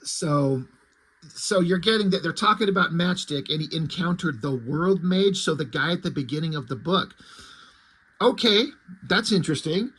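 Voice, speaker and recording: Husky-voiced man rambling through a comic. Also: on the high side, lively intonation, moderate pace, a bit bright. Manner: rambling, full of "like" and restarts. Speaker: comic book reviewer. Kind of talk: casual plot recap.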